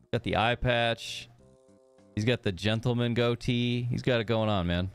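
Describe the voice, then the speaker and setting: A man's voice: mid-range voice, steady tone, normal speed, clean tone, soft background music. Chatty young man streaming a game. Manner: upbeat and chatty, talks to his chat. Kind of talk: casual live gameplay commentary, reading game dialogue aloud.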